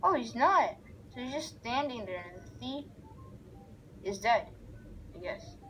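A young woman giving rambling, excitable let's play commentary as she narrates a game aloud. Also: a little high, a little slow, a little hiss or hum, poor audio. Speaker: gamer.

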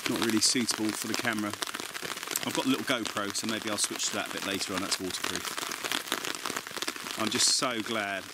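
A man talks casually to his camera at a night-time woodland campsite, upbeat and self-mocking. His voice sits low. Heavy rain and crackling noise fill the background. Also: fairly even intonation, brisk. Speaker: vlogger. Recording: loud rain and crackling outdoors.

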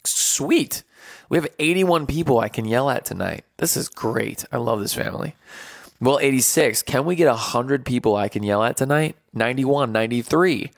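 A man's voice: mid-range voice, animated, normal speed, gravelly, no echo, clean studio sound. A man hosting a live stream, joking with viewers, then hyping them up like a playful drill sergeant and counting out numbers. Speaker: livestream host.

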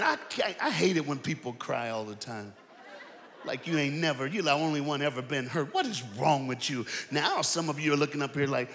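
A man preaching an energetic sermon to a church crowd, calling out to them. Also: on the high side, fairly quick, a little hiss or hum. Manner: animated, shouting preaching with crowd call-outs. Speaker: guest preacher. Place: large church auditorium. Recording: long hall reverb.

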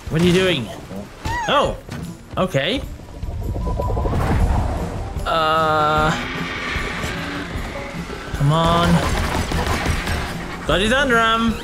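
A man's voice: a little high, lively intonation, very slow, pauses often. A man giving joking, exclamatory commentary while playing a video game. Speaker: gameplay streamer. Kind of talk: let's play commentary. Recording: voice over loud game music.

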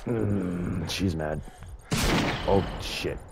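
A man's voice: deep voice, drawn-out words, gravelly, background noise. A young man giving casual, profane gameplay commentary, joking and talking to the creatures on screen. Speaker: gaming YouTuber.

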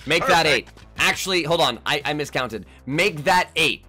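A young man giving live, trash-talking commentary on his own baseball video game, jumping between low mutters and sudden yells. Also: animated, a little fast, over music. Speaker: gaming YouTuber.

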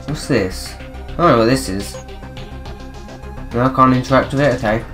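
A man's voice: medium pitch, normal speed, fairly bright tone, faint music behind. A man casually commentating his horror game playthrough, swearing and laughing at himself. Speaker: gaming channel host. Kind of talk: let's play commentary.

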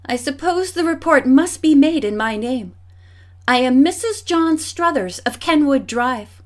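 A woman's voice: high voice, lively intonation, measured pace. A woman reading an audiobook, voicing an anxious, secretive elderly woman who speaks formally. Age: older. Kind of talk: audiobook character voice.

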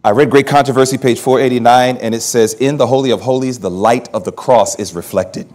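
A man's voice: mid-range voice, fairly quick, darkish tone. A man pastor preaching a sermon, telling his own story with humor and laughing at himself. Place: church hall at a camp meeting.

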